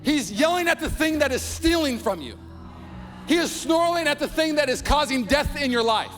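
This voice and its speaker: A young adult male pastor preaching a sermon with lots of energy, shouting out lines and acting out quoted voices. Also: very high-pitched, lively intonation, moderate pace, big-room sound, soft background music. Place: large church hall.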